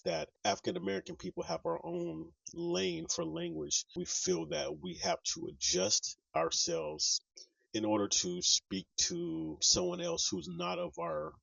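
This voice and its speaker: A man's voice: a little high, gravelly, a bit bright, no room sound. A man vlogging, reflecting aloud and talking straight to his viewers in casual commentary. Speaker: vlogger reacting to clips. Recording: dull, distant mic in a dry room.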